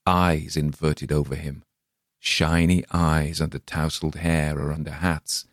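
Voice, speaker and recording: Man with a really deep voice reading a creepy story, slow and ominous, dry close mic. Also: little pitch movement, dry recording. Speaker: story narrator.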